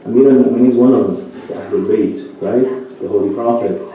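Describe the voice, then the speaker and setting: A man's voice: lowish voice, fairly quick. Guy preaching a sermon from a bit far off the mic, big echo, kinda dull sound, tells it like a story and keeps going "right?". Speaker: religious speaker. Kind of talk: night sermon with a told story. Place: religious center hall.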